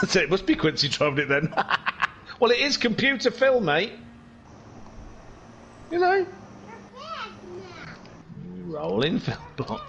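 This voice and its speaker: A man with a high, lively voice commentates a live sim race in a put-on North Welsh accent, cracking jokes and wandering off into asides. His pitch swings widely, and there is faint noise behind him. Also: takes it slowly, pauses often, highs cut off. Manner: joking, rambling asides.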